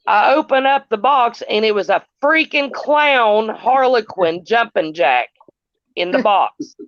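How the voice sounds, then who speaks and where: A woman's voice: a little high, animated, unhurried, no room sound, muffled recording. A woman chatting casually, blunt and emphatic with salty language. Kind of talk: casual chat.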